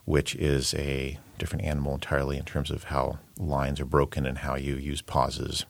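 This man has an extremely low, deep voice and speaks in a thoughtful, measured way, often pausing with an um as he explains. He is a poet and translator being interviewed. The sound is dry and close, with no room around it. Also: completely flat delivery, creaky, no room sound. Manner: thoughtful, measured, with frequent ums. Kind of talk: interview conversation.

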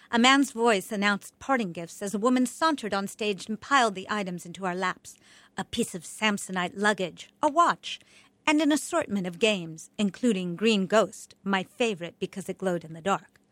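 A woman reading her childhood memoir aloud in an expressive, wry storytelling manner. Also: medium pitch, no room sound. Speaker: memoir narrator.

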